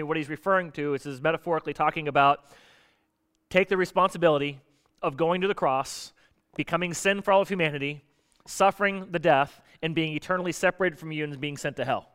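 A man preaching a sermon in a conversational, animated way, often putting questions to his listeners. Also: a little high, fast, clean tone. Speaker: pastor.

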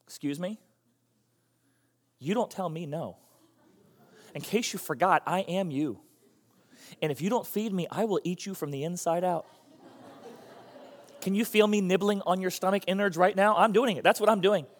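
A man's voice: high voice, normal speed, long pauses, long reverb tail. A man in a sermon voicing a listener's hungry stomach as a bossy, taunting male figure that threatens to eat them from inside. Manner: taunting, menacing, calls listener buddy boy.

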